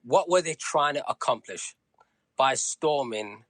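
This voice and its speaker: Male caller, ranting and profane, animated pitch swings, dry recording. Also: a little slow, no room sound. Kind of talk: ranting voice message.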